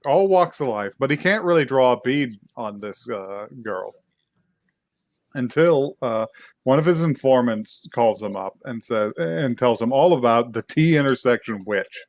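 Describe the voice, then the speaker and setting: A man of middling pitch recaps an anime episode for his podcast, with rambling and frequent laughter. He jumps into the characters' lines as he goes. His voice sounds close and dry, with no room echo. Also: expressive, unhurried. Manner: rambling, laughing, acts out quotes. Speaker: podcast co-host. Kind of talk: casual anime recap chat.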